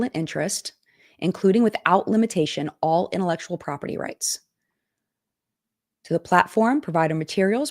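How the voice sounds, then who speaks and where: Chatty woman live-streaming, fairly low voice. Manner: chatty, thinking aloud, reads comments and contract text. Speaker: host of a live chat stream. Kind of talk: casual live-stream talk. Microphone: streaming setup.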